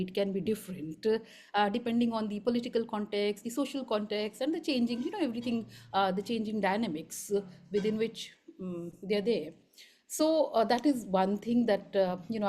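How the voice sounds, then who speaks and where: A woman at a conference asking a long, searching question, thinking aloud and pausing often. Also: mid-range voice, warm tone. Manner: halting, many fillers and restarts, thinking aloud. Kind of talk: spontaneous academic question.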